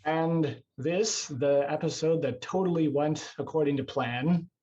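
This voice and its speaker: A man's voice: fairly high pitch, a little slow, mellow, muffled recording. A man hosting a casual podcast over a video call, rambling and self-deprecating, swearing now and then. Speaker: podcast host.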